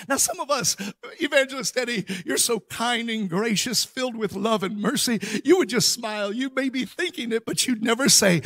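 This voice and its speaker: Male guest preacher; bright, forceful tone, dry sound; shouts and fast asides. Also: very high-pitched, animated, no room sound. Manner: emphatic storytelling, bursts of shouting and rapid asides. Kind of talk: sermon.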